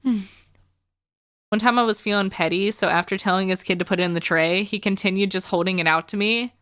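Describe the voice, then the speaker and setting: A woman's voice: mid-range voice, steady tone, fairly quick, fairly bright tone, dry recording, clean studio sound. A young woman streaming a game, chatting casually with a sarcastic edge and frequent laughter. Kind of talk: casual chat while livestreaming a game.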